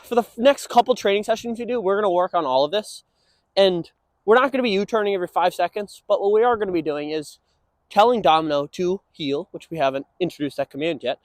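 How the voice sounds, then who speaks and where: A young man training a dog, explaining casually and breaking into high sing-song praise for it. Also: quick pace, no room sound. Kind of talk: instructional walk-and-talk.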